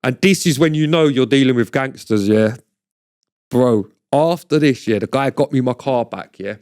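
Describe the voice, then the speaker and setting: A man's voice: mid-range voice, normal speed, darkish tone, clean tone. A middle-aged man, a podcast guest telling stories in blunt, swearing street slang. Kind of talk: casual storytelling chat.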